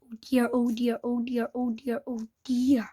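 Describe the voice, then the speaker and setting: A woman's voice: high voice, slow, dark tone. A woman reading aloud and voicing a timid, earnest boy who mutters worriedly and speaks up hesitantly. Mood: worried muttering.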